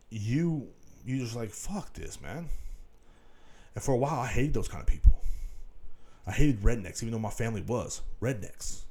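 A man's voice: mid-range voice, mellow. A man hosting a solo podcast, rambling casually with lots of swearing and filler phrases. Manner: rambling and profane, full of "you know what I'm saying". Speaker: podcast host.

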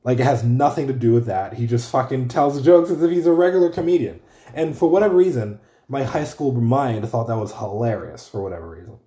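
A young man rambles through a casual solo podcast, swearing freely and circling back to fix his own words. His voice is dark and mellow. The recording carries a roomy, echoey sound. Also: medium pitch, a little fast. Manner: rambling, profane, self-correcting. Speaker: podcast host. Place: room at home.

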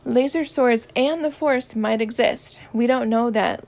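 A woman voicing a smug, teasing young man in a story reading, playful and calm. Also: on the high side, measured pace, creaky.

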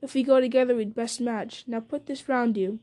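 A woman's voice: on the high side, fairly even intonation, normal speed, warm tone, natural voice. A woman reading the part of a loyal, earnest male hobbit servant who talks plainly and deferentially. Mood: practical. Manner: plain-spoken, homely, deferential.

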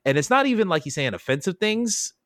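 A young man co-hosting a podcast, chatting casually with loose, profane, excitable storytelling. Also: sits high, fairly quick, no room sound, clean studio sound. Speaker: podcast co-host.

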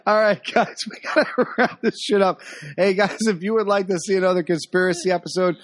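A man's voice: sits high, fairly even intonation, fairly quick. A man co-hosting a podcast, telling stories animatedly with swearing and laughter. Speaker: podcast co-host. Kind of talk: casual chat.

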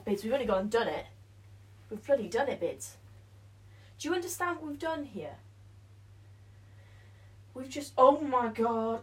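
British girl with a bit of a cold, rambling to herself at home, slow and slightly high. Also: breathy edge. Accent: British English. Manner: chatty, talks to herself and to her pets, swears mildly, drops into whispers. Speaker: vlogger. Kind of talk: casual solo vlog while building a blanket fort. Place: at home indoors.

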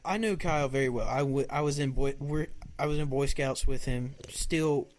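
A man's voice: mid-range voice, moderate pace. A young man co-hosting a podcast, teasing his partner and sometimes tripping over his words. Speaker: podcast co-host. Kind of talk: casual chat.

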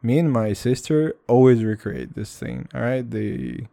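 A man's voice: medium pitch, unhurried, creaky, warm tone, no room sound. A man chatting casually in a vlog, rambling and swearing, often repeating "dude" and "all right".

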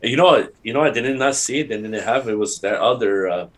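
A man in casual chat as a podcast co-host, excitable and rambling, laughing often. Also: fairly low pitch, fast.

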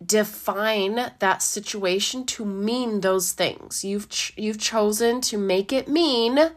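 A woman, a life coach giving a gentle, encouraging talk with a slightly dry throat, who laughs often and acts out inner voices. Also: mid-range voice, animated, slow pace. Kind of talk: casual motivational talk.

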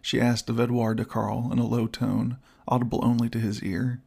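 A man narrating an old-fashioned adventure story in a measured reading style. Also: mid-range voice, level tone, vocal fry, a little mellow, husky. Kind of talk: audiobook narration.

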